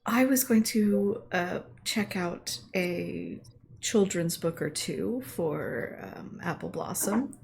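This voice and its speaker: A woman's voice: lowish voice, takes it slowly, vocal fry. A woman playing a tabletop game, talking casually and hesitantly, with many fillers and trailing sentences. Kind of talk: casual chat.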